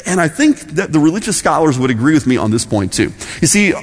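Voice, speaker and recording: A man's voice: fairly high pitch, very animated, quick pace, slightly rough. A middle-aged man preaching a sermon as pastor, conversational and storytelling. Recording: long hall reverb.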